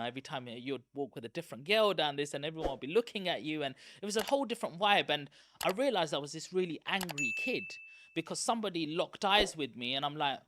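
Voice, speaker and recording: A man, a guest telling candid stories from his school days in a lively, chatty way. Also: a little high, a little hiss or hum. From East London, England. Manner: lively, chatty, self-aware. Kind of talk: candid personal storytelling.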